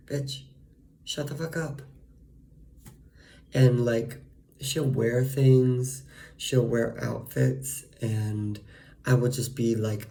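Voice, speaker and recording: A man's voice: mid-range voice, gravelly, warm tone. A man venting in a casual monologue, profane and ranting, full of fillers. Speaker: vlogger.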